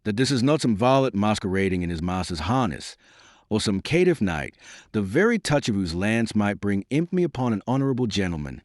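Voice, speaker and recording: A man voicing a courteous but wary prince who speaks in a formal, measured way. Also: lowish voice, big pitch swings, no room sound, studio quality. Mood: commanding.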